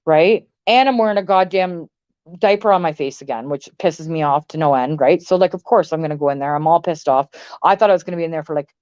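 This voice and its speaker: A woman's voice: sits low, quick pace, darkish tone, clear, resonant tone, no echo, lo-fi sound. A woman from Canada ranting casually to her livestream chat, blunt and profane, rambling with lots of filler words. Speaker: livestream host.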